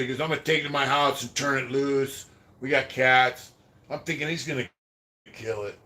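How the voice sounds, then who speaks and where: A man's voice: medium pitch, steady tone, fairly quick. A man hosting a podcast, telling prison stories in a rambling, profane way and thanking viewers for super chats. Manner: rambling, profane, trails off quietly. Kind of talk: casual storytelling about prison life.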